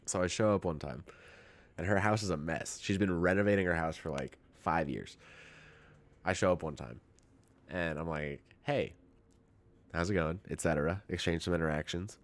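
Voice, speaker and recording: A man's voice: low-pitched, moderate pace. A man streaming a game, a little tipsy, chatting casually and telling rambling, profane stories. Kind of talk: casual chat while gaming.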